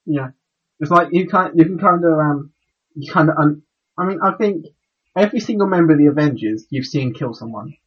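A man co-hosting a casual podcast, talking in halting bursts and stumbling over his words. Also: on the high side, breathy edge, muffled recording. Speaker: podcast co-host.

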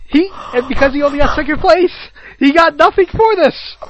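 A man's voice: very high voice, moderate pace, slight background noise. A young man in casual chat, telling crude stories and laughing often. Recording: dull lo-fi sound, dry.

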